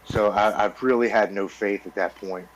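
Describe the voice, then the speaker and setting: This recording is low quality with slight background noise. A fairly low-pitched man in his forties, speaking at normal speed with fairly even intonation, shares his recovery story on a podcast, earnest and blunt with casual swearing, tripping over repeated words.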